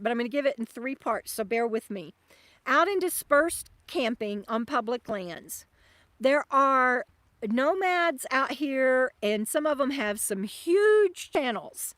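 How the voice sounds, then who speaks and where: A woman hosting a casual RV livestream from a lakeside campsite, chatty and halting with many fillers and restarts. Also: high-pitched, no room sound. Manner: soft baby talk to her dog. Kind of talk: casual live-stream chat.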